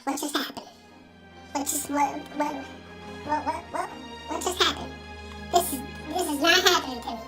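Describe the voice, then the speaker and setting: A man voicing his younger self as a scared teenage boy, high, breathy and frantic. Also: very animated, normal speed, over loud music. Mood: panicked.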